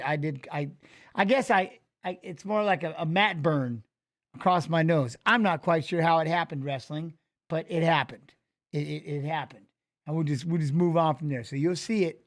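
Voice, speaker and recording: A man in his forties with a notably high-pitched voice hosts a casual livestream. He rambles in a loose, chatty way and calls out to his viewers by name. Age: 40s. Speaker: livestream host.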